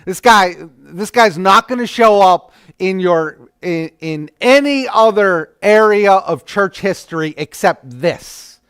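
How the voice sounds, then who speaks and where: A man leads an adult church class in a relaxed, talky lecture. His voice sits high and moves slowly, with a smooth, resonant clarity. He often backs up and restarts mid-sentence, recorded close and dry. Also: no echo. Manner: conversational, with stammered restarts.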